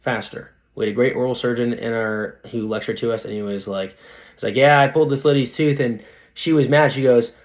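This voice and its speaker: A young male dentist chatting casually as a podcast guest, animated and slangy, often asking "right?" and calling the listener "dude". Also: medium pitch, fairly quick.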